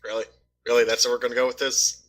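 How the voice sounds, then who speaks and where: A man's voice: mid-range voice, flat delivery, fast talker, fairly bright tone. A man trading exasperated, incredulous retorts in casual group banter.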